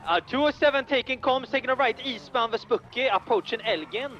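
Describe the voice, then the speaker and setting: A man's voice: extremely high pitch, fairly quick. A man playing a police officer in a role-play game, reading out radio codes and directions with dry jokes. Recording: dull audio with loud game traffic.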